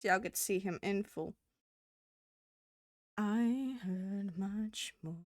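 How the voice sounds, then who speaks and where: A woman's voice: mid-range voice, slow pace, no echo, studio quality. A woman streamer in casual live-stream chat, swearing freely, laughing often and talking to her chat.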